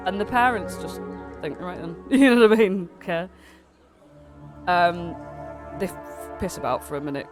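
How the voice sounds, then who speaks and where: A man's voice: high-pitched, lively intonation, moderate pace, pauses often, soft background music. A man narrating as game master of a tabletop game, rambling with lots of fillers while he has a cold.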